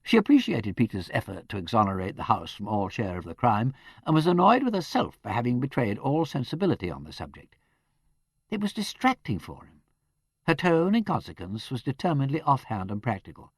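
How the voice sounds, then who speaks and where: A man narrating an audiobook in a measured, expressive reading. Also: mid-range voice, husky, dry recording, clean studio sound. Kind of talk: scripted narration.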